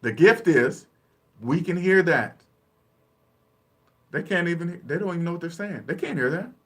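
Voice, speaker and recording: A man talking bluntly and casually about money and debt, laughing often and acting out quick little dialogues. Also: high-pitched, animated, a bit bright. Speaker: personal finance vlogger. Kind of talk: casual live-stream talk.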